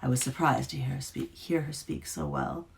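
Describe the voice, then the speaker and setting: Woman author, live reading; gravelly, lively, dramatic delivery. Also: a bass voice, moderate pace, a little hiss or hum.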